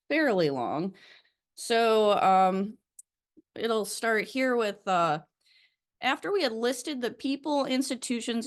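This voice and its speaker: A young woman with a stuffy nose and a slightly breathless voice, leading a study session and reading aloud haltingly with many fillers. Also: mid-range voice. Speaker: recovery study leader. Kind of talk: casual recorded study session.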